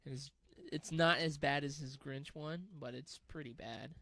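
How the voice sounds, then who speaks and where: A man co-hosting a casual podcast, talking quickly and animatedly and swearing casually. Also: on the high side, fairly bright tone, no echo. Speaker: podcast co-host. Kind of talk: casual chat.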